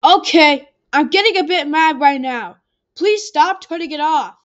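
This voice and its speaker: A woman's voice: high voice, measured pace, highs cut off. A woman voicing an exasperated computer error character who scolds the listener for turning off the computer. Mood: annoyed scolding. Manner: pleading then scolding, rising to shouts.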